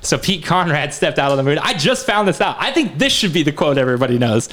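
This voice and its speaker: A man with a slightly higher-than-usual voice talks loosely on a podcast. He curses freely and rambles from one point to the next, winding himself up until he sounds loud and fired up. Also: quick pace. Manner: rambling, profane, gets loud and excited. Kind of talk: casual chat.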